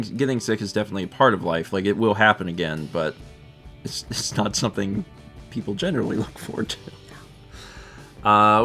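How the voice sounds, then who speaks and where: A man's voice: on the low side, fairly bright tone. A man co-hosting a live stream, chatting casually and reading out viewer messages with a laid-back manner and frequent chuckles.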